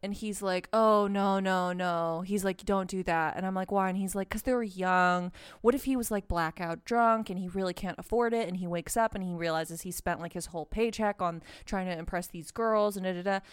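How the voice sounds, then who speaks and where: A young woman telling a story in casual chat, animated and swearing, with lots of "like". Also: medium pitch, normal speed, few pauses, clean tone. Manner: animated, swearing, heavy use of "like". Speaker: podcast co-host.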